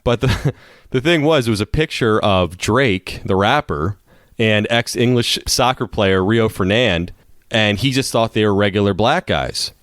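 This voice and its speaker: A man's voice: fairly low pitch, measured pace, a bit bright, no echo, studio quality. A man co-hosting a podcast, telling rambling stories in casual chat and laughing through them. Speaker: podcast co-host.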